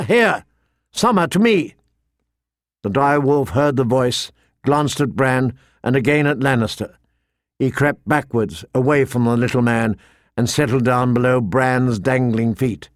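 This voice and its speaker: A man narrating a fantasy novel in a measured, steady storytelling voice. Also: medium pitch, dry recording, studio quality. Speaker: audiobook narrator.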